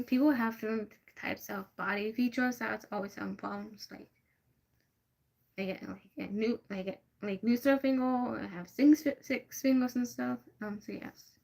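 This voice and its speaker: A woman's voice: on the high side, moderate pace, vocal fry. A young woman hosting a casual livestream, answering viewers' questions and trailing off into frequent ums and repeated restarts. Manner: rambling, hesitant, many fillers and restarts. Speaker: livestream host.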